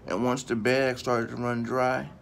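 A man's voice: mid-range voice, little pitch movement, measured pace, gravelly, slight background noise. A man vlogging in a casual, profane rant, repeating himself for emphasis and talking straight to his viewers. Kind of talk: casual ranting commentary to camera.

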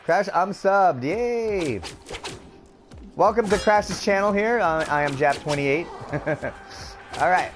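A man's voice: high-pitched, expressive, takes it slowly, pauses often, faint music behind. A man from Canada chatting upbeat with viewers as a gaming streamer, laughing often. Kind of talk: casual let's-play commentary.

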